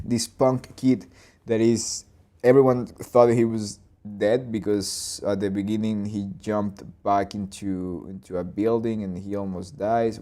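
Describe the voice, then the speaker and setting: A man in his twenties or thirties hosting a live storyboarding session, talking loosely through his ideas, with restarts and boom and plop sound effects. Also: dark tone. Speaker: animator and channel host.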